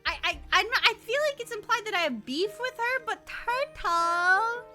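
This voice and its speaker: Giggly, excitable high-voiced woman streamer. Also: brisk. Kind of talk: casual game-stream commentary. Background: game music.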